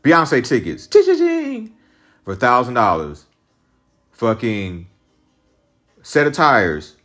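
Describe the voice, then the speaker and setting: A man's voice: fairly low pitch, very animated, slow, sharp tone, soft background music. A man hosting a podcast alone, venting in a profane, rambling, agitated monologue about a breakup. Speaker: podcast host.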